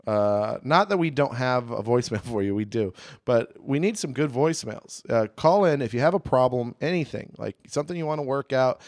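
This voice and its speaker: A man's voice: mid-range voice, lively intonation, brisk, a little mellow, no room sound, clean studio sound. A man co-hosting a casual comedy podcast, joking and teasing with loose fillers. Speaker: podcast co-host.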